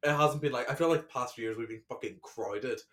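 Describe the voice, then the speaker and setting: A man's voice: mid-range voice, fast talker, fairly bright tone. A man co-hosting a podcast in casual chat, talkative, swearing and laughing often. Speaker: podcast co-host.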